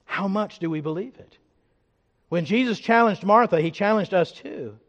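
A man preaching a sermon as pastor, emphatic, swinging from loud declarations to hushed reflection. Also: high voice, normal speed, big-room sound, muffled recording.

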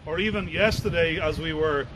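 A man, a preacher, reading scripture aloud in a measured, formal way and then starting his sermon. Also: a little high, very noisy.

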